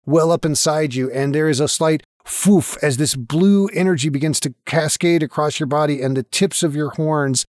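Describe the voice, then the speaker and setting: A man's voice: fairly high pitch, moderate pace, hardly any pauses, darkish tone, no room sound. Dry, playful game-master voice, man. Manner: profane, playful dramatic narration. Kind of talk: narrating a tabletop game.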